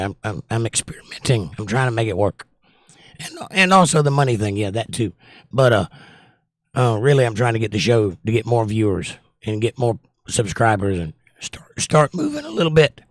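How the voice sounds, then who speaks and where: A man's voice: medium pitch, dry recording, clean studio sound. A man hosting a casual livestream, joking and greeting viewers with upbeat energy as he reads their chat comments. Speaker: livestream show host.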